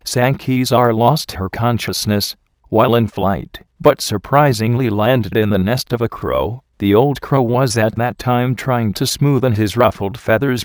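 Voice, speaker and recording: A man narrating a folk tale in a measured, even storytelling manner. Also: medium pitch, no room sound, clean studio sound. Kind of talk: storybook reading.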